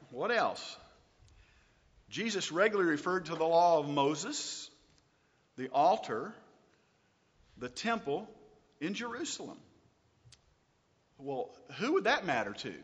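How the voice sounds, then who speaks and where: A man teaches a Bible lesson in a lively, swooping voice, pitched a little high for a man. He throws questions at his listeners and slows down to read verses with weight. The sound is dull and lo-fi, with a long trailing reverb. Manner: lively, asks rhetorical questions, reads scripture slowly.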